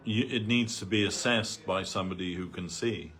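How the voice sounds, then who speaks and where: A man's voice: deep voice, normal speed, a bit bright. A man giving a loose, anecdotal talk on a spiritual reading, full of "like" and "you know". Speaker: devotee speaker. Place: temple hall.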